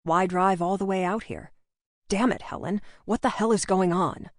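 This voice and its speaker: A woman reading the part of a gruff, impatient male detective in an audiobook, with curt, demanding lines. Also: mid-range voice, normal speed, no echo, clean studio sound, close to an everyday voice. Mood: angry.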